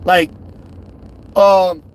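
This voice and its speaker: A middle-aged man talking straight to camera about himself, emphatic and repetitive, swinging from loud to soft. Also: sits high, level tone, drawn-out words, clear, resonant tone. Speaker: truck driver vlogger. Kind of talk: direct-to-camera rant.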